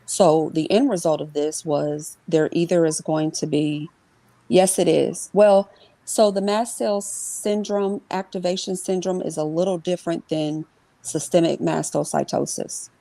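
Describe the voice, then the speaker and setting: A woman giving an interview, telling a personal story in a quick, conversational way with many fillers and restarts and imitating the people in it. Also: lowish voice, fairly even intonation, gravelly, dark tone, dry recording. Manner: voices others in her retelling. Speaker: interview guest. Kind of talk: emotional personal account in an interview.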